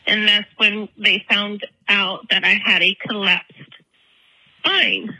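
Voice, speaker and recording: A woman leaving a tearful voicemail for a podcast, halting and full of fillers. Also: mid-range voice, little pitch movement, pushed and bright, breathy edge, low-quality recording. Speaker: voicemail caller. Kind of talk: emotional voicemail. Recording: phone voicemail.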